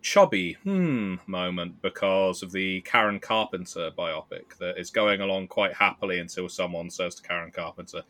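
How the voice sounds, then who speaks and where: A man's voice: low-pitched, moderate pace, few pauses, sharp tone, no room sound. A man co-hosting a podcast, telling stories in a chatty, wry way and laughing often. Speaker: podcast co-host and game designer. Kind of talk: casual podcast chat.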